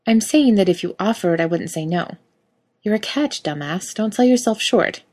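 A woman's voice: mid-range voice, animated, moderate pace, a little mellow, natural voice. Woman doing a chill stoner coworker guy, blunt, offhand. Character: laid-back stoner male coworker.

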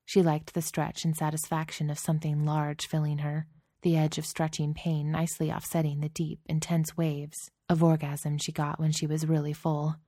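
A woman narrating a scripted story in a steady, intimate reading voice, close to the mic. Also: low voice, normal speed, dry recording.

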